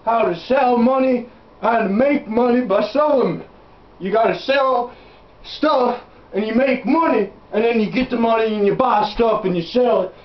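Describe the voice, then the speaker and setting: A man playing a crude, blustering backwoods salesman who rambles and curses while hawking junk, in a comic home-video sketch. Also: very high voice. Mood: rambling. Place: indoors at home. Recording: roomy, dull home camera audio.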